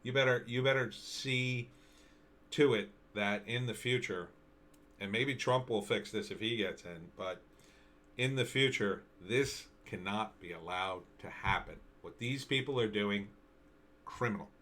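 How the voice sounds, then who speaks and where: A man giving solo political commentary on news and video clips, indignant and halting, repeating himself and restarting his sentences. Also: on the low side, fairly bright tone.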